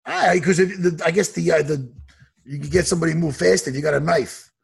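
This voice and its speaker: Male fight coach, podcast regular. Gravelly, high-pitched voice, profane ranter. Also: fast. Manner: profane, heated ranting. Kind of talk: casual chat.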